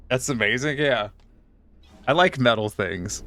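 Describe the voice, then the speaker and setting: A young man streaming a puzzle game, telling a rambling story with casual swearing and deadpan punchlines. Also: medium pitch, normal speed. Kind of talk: casual live-stream chat while playing.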